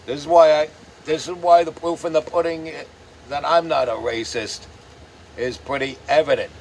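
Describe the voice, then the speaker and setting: A man's voice: fairly high pitch, steady tone, moderate pace, slight background noise. A man hosting his own show, delivering a profane, sarcastic ranting commentary. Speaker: host.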